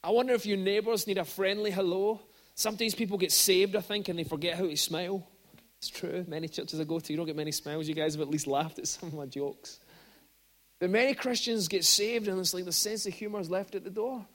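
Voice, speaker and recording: High-voiced man preaching a sermon. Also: fairly even intonation, fairly quick, a bit bright. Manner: conversational storytelling, with bursts of rising emphasis. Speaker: guest preacher. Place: church service.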